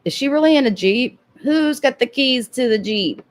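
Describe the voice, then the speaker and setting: A woman's voice: high-pitched, expressive, moderate pace. A woman hosting commentary on a live stream, sarcastic and often laughing, with casual swearing.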